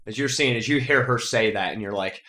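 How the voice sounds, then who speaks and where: Casual game master in a roomy space. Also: male voice, medium pitch, a little fast, pushed and bright. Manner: casual, descriptive scene narration. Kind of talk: narrating a tabletop game.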